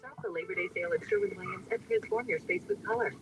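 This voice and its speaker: A male announcer giving a brisk, upbeat scripted commercial read. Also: high-pitched. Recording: ad played back from a distance over music.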